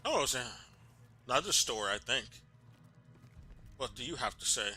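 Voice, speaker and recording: A man's voice: medium pitch, sing-song, measured pace, sharp tone, slightly rough, faint music behind. A man giving casual let's play commentary, thinking aloud and swearing now and then. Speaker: gamer.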